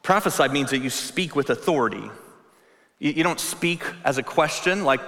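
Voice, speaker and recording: A male pastor delivers a sermon in an earnest, emphatic way, driving his points home through repetition. His voice is bright and forceful, and a long reverb trails each phrase as if he speaks in a large hall. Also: medium pitch, animated, moderate pace.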